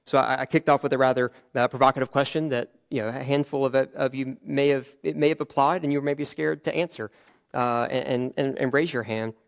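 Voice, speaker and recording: A man's voice: medium pitch, steady tone, a little fast, gravelly. A man preaching a sermon in a conversational way, often restarting his phrases and adding fillers.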